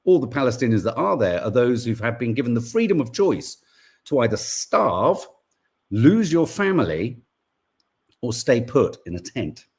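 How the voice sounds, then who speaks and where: A man's voice: mid-range voice, very animated, normal speed, darkish tone, breathy edge. A man hosting a podcast, giving indignant, sweary political commentary. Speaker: podcast co-host.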